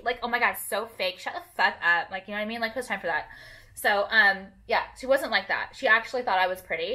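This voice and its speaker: Fast, bright-voiced young woman rambling. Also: fairly high pitch. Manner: rambling, filler-heavy, swears casually. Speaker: vlogger. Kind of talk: casual chat to camera.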